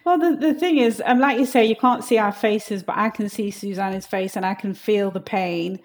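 Middle-aged woman co-host, earnest and measured, middle pitch. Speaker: podcast co-host. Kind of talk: casual podcast chat.

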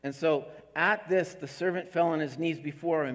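A man preaching a sermon as a pastor, emphatic, repeating words and swinging between raised and hushed delivery. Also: a little high, moderate pace, big-room sound.

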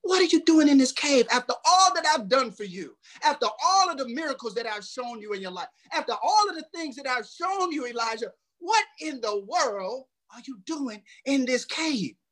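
A preacher voicing God in a sermon, calmly and searchingly questioning a prophet hiding in a cave. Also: male voice, extremely high pitch, moderate pace, hardly any pauses, full character voice, low-quality recording. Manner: questioning, calm and still.

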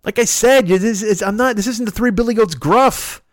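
A man's voice: high-pitched, normal speed, no room sound, clean studio sound. A man from Chicago hosting a podcast from home, delivering a profane, exasperated comedic solo rant. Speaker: podcast host. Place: his home.

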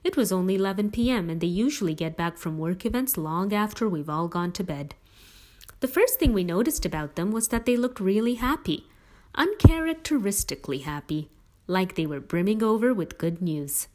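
A woman reading a first-person story aloud in a steady, plain narrating voice. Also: on the low side. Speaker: audiobook reader.

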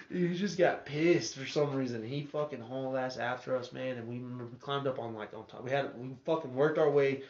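A young man with a Texan drawl spins a rambling, profane tale, breaking into laughter and loud acted-out quotes. His voice sits in a middle range. The muffled recording carries a roomy echo and a faint hiss. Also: medium pitch, normal speed. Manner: profane, laughs often, acts out quotes loudly. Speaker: podcast co-host. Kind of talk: casual storytelling chat. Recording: echoey room, muffled audio, faint hiss.

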